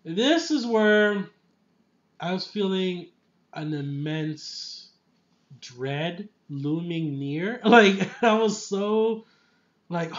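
A man's voice: sits high, very slow, highs cut off. A man giving a casual, enthusiastic film review, rambling with lots of fillers and often laughing. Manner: laughs often mid-sentence. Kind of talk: casual spoiler movie review.

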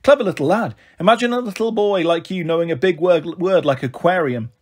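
A man voicing a breezy, impatient young mother who scolds briskly in a storybook reading. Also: sits high, breathy edge. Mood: fond.

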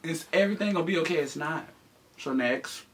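A man's voice: fairly high pitch, a little fast. A man co-hosting a casual chat, joking and teasing as he talks. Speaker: co-host. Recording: slightly distant mic with faint noise.

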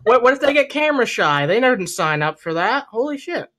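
Bright, high-voiced man joking around. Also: sing-song. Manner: joking, swearing, quick reactions. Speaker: podcast co-host. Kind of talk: casual chat.

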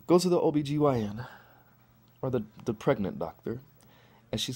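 Profane animated man telling a crude story. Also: mid-range voice, moderate pace, long pauses, husky. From Chicago. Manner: profane, animated, acts out quotes. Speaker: vlogger.

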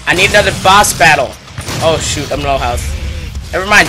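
A young man giving casual, rambling commentary on a shooter game, mocking himself and loudly taunting the enemies. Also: fairly high pitch, animated, fairly quick. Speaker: gaming YouTuber. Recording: game music playing behind the voice.

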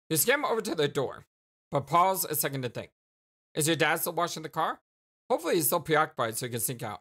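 A woman hosting a let's play, reading the game text aloud and chatting with viewers. She is stuffy and congested, giggly, and signs off with warm, affectionate words. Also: low-pitched, very animated, fast, breathy edge.

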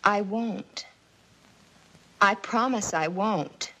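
A woman's voice: mid-range voice, drawn-out words, fairly bright tone, full character voice, poor audio. A young actress playing a shy, frightened teenage girl in a 1950s TV drama, timid and pleading.

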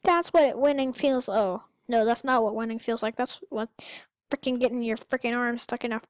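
A woman giving goofy, rambling let's-play commentary with sudden excited outbursts. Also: on the high side, normal speed, dry recording. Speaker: gamer.

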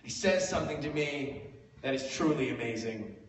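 Animated storyteller man in an echoey hall. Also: medium pitch, normal speed, a little hiss or hum. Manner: animated, swinging from hushed to loud for effect. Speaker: storyteller on stage. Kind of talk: live comedic storytelling. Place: live venue hall. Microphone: phone stream from the audience. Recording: echoey hall from far off, faint ambience.

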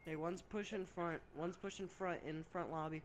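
A man's voice: on the high side, steady tone, normal speed, very noisy. A young man on gaming voice chat, angrily complaining at and scolding his teammates. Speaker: gamer on voice chat. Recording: loud game sounds behind. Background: loud game audio.

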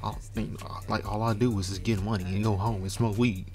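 A man's voice: lowish voice, flat delivery, fairly quick, darkish tone, soft background music, close to an everyday voice. A man mocking a sullen hood tough guy.

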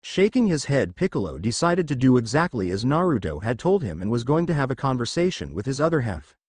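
Man, story narrator, steady reading, animated pitch, dry recording. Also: brisk, dry recording. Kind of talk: reading a fan story aloud.

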